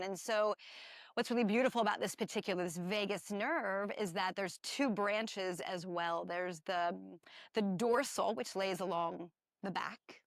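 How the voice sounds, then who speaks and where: A woman's voice: medium pitch, unhurried, no room sound, studio quality. A woman co-hosting a spiritual wellness podcast, explaining ideas with enthusiasm and playful asides. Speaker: podcast co-host.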